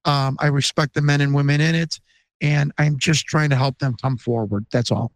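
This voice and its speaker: Insistent American man in his 50s, a podcast guest who pleads his case earnestly; fairly high voice, dry close sound. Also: steady tone, moderate pace, no echo. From Chicago, USA. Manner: earnest and emphatic, insistent questions. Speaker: interview guest. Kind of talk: podcast interview.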